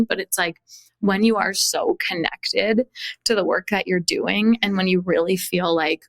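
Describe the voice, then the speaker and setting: An animated young woman tells her story on a podcast, lively and unfiltered. She acts out quoted dialogue and swears freely. Her voice is mid-pitched and sounds close and dry, with no room around it. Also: measured pace, gravelly, dry recording. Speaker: podcast host and coach. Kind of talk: candid podcast conversation.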